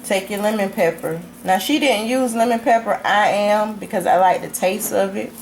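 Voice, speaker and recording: A woman with a voice of ordinary pitch talks viewers through a home recipe in a relaxed, chatty way. She speaks straight to the audience as she cooks. Clattering pots and dishes sound clearly behind her in the kitchen. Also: moderate pace, a little hiss or hum. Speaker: home cook demonstrating a recipe. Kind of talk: casual cooking tutorial.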